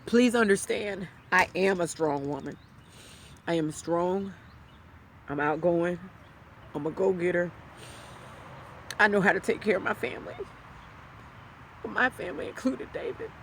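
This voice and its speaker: A woman's voice: on the low side, expressive, a little hiss or hum. Grieving woman speaking through tears. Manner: heartfelt, with halting pauses and a voice that breaks into whispers. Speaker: widow sharing her grief. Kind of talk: emotional personal talk to camera.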